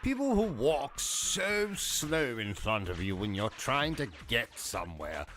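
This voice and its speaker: A man's voice: mid-range voice, very animated, unhurried, fairly bright tone. A man with a British accent hosting a gaming livestream, ranting in a pompous, insulting, theatrical comic manner. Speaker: gaming YouTuber. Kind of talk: comedic livestream rant.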